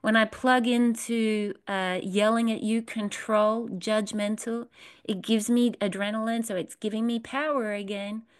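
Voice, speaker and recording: A woman's voice: a little high, fairly even intonation, measured pace, clear, resonant tone. A woman leading a spiritual workshop, talking earnestly to a live audience, repeating phrases and asking them questions. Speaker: workshop leader.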